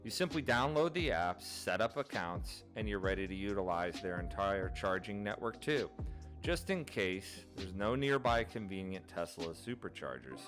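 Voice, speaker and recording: A man hosting his own channel, narrating an informative explainer in a steady, methodical way, going through items one by one. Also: low voice, normal speed, music in the background. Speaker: channel host.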